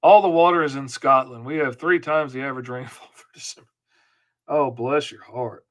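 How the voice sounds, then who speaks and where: A man's voice: mid-range voice, normal speed, fairly bright tone. A man hosting a live comic-inking lesson, chatting casually and rambling in a self-deprecating way while he works and answers viewers. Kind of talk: casual live-stream chat while working.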